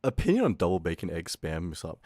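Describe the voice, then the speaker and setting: A young man streaming, chatting with his chat in a loud, swearing, laughing, animated rant. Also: deep voice, fast talker, no echo, clean studio sound. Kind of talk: casual stream chat reading chat.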